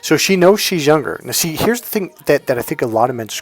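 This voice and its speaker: A man's voice: on the high side, very animated, fast. Rambling middle-aged male dating coach. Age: 50s. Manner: rambling storyteller with many restarts and quoted dialogue. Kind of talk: casual advice monologue.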